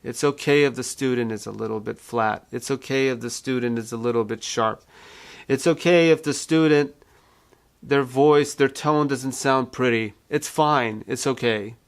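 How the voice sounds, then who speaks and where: A male vocal coach giving a calm, reassuring singing lesson and walking beginners through vocal exercises. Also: mid-range voice, moderate pace. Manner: calm, reassuring teaching with repeated phrases.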